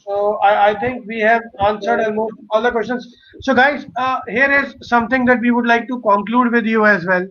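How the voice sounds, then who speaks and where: A man's voice: very high voice, fairly even intonation, moderate pace, lo-fi sound, slight background noise. A man hosting a live webinar, answering questions and promoting services in repetitive, listed phrases. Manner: repetitive, listing phrases in a row. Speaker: webinar host.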